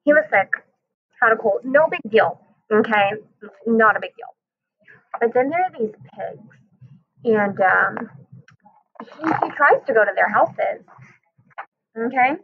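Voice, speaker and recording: A woman teacher giving a recorded lesson for children, animated and talking straight to the kids. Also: a little high, a little slow, gravelly, pauses often, slightly rough. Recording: tinny phone-like audio.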